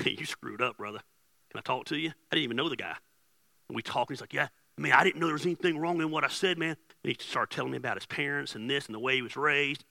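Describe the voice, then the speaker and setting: A man preaching a casual, joking sermon as pastor, swinging from hushed asides to loud bursts. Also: mid-range voice, gravelly, dry recording.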